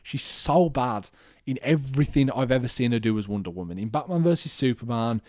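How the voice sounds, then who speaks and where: Ranting young man, dark dry voice. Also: medium pitch, fairly quick, no echo. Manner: animated, swearing, ranting with restarts. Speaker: podcast host. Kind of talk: casual solo movie review rant.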